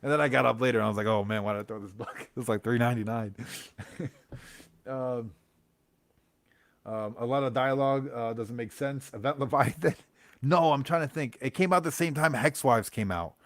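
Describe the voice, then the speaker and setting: A man's voice: mid-range voice, a little fast, fairly bright tone, dry recording. A young man hosting a comics livestream, rambling in casual chat with lots of fillers, slang and laughs.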